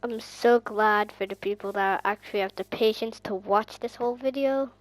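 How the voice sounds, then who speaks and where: A woman with an Irish accent giving rambling, chatty gameplay commentary that bursts into excited squeals. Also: mid-range voice, normal speed. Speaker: gaming channel host.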